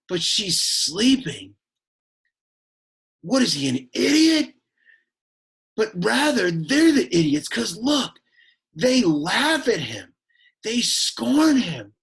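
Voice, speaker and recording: A man voicing a sullen, awkward teenage boy who gives a Latin lesson, deadpan, whiny and easily annoyed. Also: high voice, slow pace, creaky, pauses often, breathy edge, full character voice. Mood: exasperated deadpan. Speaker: Latin teacher.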